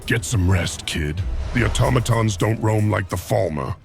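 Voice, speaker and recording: A man playing a gravelly older guardian. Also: on the low side, animated, moderate pace, soft background music. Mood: gruff.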